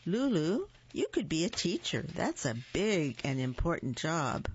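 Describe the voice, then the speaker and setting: A woman voicing a patient mother who gently suggests ideas to her daughter. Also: deep voice, sing-song, measured pace, breathy edge, no echo, heavily acted. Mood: gentle. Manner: gentle, encouraging. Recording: dull lo-fi recording.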